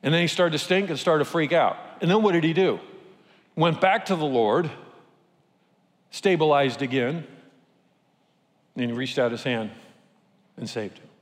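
A pastor preaching a sermon, telling stories and asking rhetorical questions. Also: male voice, on the high side, moderate pace, pauses often, in a large hall. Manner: lively storytelling with rhetorical questions.

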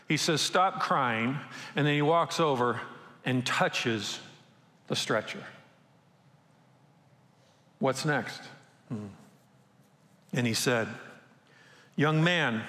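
A man preaching a sermon as a pastor, telling a story with energy and throwing rhetorical questions at his listeners. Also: medium pitch. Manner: animated storytelling, asks the audience rhetorical questions. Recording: echoey hall with long reverb.

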